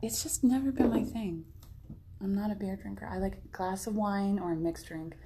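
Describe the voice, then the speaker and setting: A young woman in her late twenties chatting casually on a podcast, with a dark, mellow tone. She talks candidly and swears freely, slipping into the voices of people she quotes. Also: medium pitch, normal speed, husky. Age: 20s. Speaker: podcast co-host. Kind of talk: casual chat.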